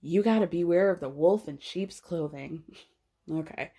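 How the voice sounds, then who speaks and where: A woman's voice: fairly low pitch, measured pace, dark tone, husky. A woman hosting a podcast, giving a casual, blunt and sarcastic recap of a reality show, swearing freely. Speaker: podcast host.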